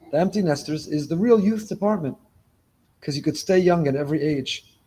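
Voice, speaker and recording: A man's voice: on the high side, darkish tone, slightly rough. A man giving a sermon as a rabbi to a congregation in a synagogue, speaking emphatically, repeating key phrases and weaving in Hebrew terms. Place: synagogue before a live congregation.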